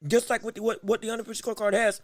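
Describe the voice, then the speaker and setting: A man calling a fight blow by blow on his own livestream, excited and repetitive, restarting his phrases, with the hiccups and eating as he talks. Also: high-pitched, very fast, dry recording. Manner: repeats himself, restarts phrases, eats and talks at once. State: has the hiccups. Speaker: podcast host giving live fight commentary.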